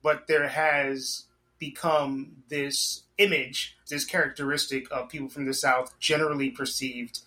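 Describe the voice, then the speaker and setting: A man hosting a podcast, chatting casually and cracking quick jokes between his points. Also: mid-range voice, little pitch movement, bright, forceful tone. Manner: joking, laughs easily, cuts in with quips. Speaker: podcast host. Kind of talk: casual conversation.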